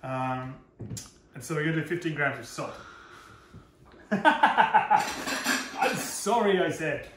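A man's voice: on the high side, normal speed, a bit bright. A man, a chef giving a chatty, self-deprecating live cooking demonstration from a kitchen. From Australia. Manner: chatty, self-deprecating, laughs at own slips. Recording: roomy echo, faint noise.

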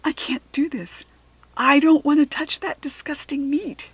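A woman's voice: sits high, steady tone, unhurried, vocal fry, dry recording, pitched above the performer's own voice. Woman voicing a nervous schoolgirl-turned-lunch-lady. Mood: fretful. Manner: nervous, fretting.

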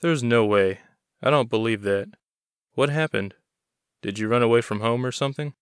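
A man's voice: medium pitch, moderate pace, clean tone, dry recording, clean studio sound, lightly acted. A man voicing a friendly, protective young man living on the streets, easygoing but a bit nervous. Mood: curious.

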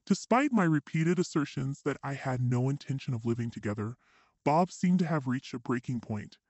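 Man narrating a dramatic story, lively pitch. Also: normal speed, no room sound. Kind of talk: scripted first-person story narration.

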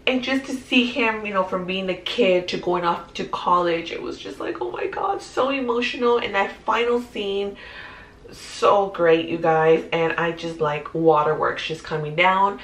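A woman in her thirties chatting casually through a movie countdown, animated and full of fillers. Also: fairly low pitch, a little slow. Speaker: movie vlogger. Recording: roomy echoey room.

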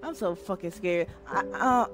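A woman's voice: on the low side, moderate pace. A woman streamer playing a horror game, jumpy and frightened, swearing and talking back to the game. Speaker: gaming streamer. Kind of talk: horror game let's play. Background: loud game music.

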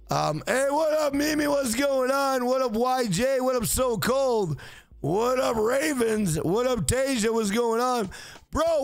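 A young man streaming from home with a very high voice that jumps all over, hyped and swearing. He shouts shout-outs and rambles through stories in loud casual chat, with dry close sound and a faint music bed. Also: dry recording. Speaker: livestreamer.

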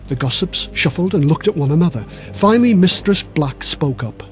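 A man's voice: on the high side, lively intonation, normal speed, few pauses, soft background music. A man giving scripted narration of a children's history story in a dramatic, vivid way.

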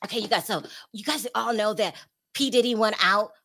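A woman's voice: medium pitch, a little fast, fairly bright tone. A woman hosting a celebrity gossip show, talking bluntly and animatedly, speaking straight to the stars she discusses. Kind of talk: casual commentary to camera.

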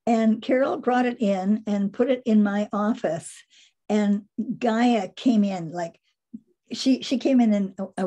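An older woman tells animal stories over a slide show in a casual, animated way. Her voice sits a little high, with a mellow, soft tone. She laughs often and lets sentences trail off. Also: slightly rough. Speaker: animal trainer presenting photos.

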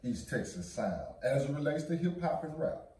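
Dark, mellow male interviewer, roomy. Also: on the high side, very animated, normal speed, far from the mic. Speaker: podcast host. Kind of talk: interview questions. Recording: echoey room, away from mic.

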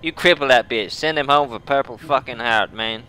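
A man's voice: medium pitch, normal speed, sharp tone, smooth, rough recording. A man in a casual gaming chat, joking around, swearing often and laughing, with a loose put-on Southern US twang. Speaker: gamer, helicopter pilot teammate.

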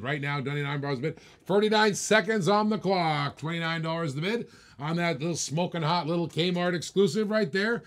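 A man's voice: fairly high pitch, brisk, a bit bright. Hyped-up auctioneer man, teasing bidders. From Australia. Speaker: live auctioneer host. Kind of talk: live-stream auction commentary.

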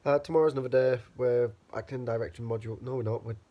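Speaking quickly in a mid-range voice with fairly even intonation, a young student with a cold rambles casually and swears freely to the camera in his hand. He's in his bedroom in a student house, and the recording lacks high frequencies.

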